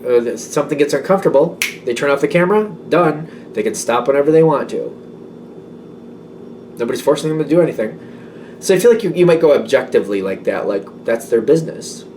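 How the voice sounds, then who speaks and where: A man's voice: mid-range voice, lively intonation, a little fast, darkish tone, far from the mic, slight background noise. A man giving a casual tarot reading, rambling and self-doubting, with many fillers. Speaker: tarot reader.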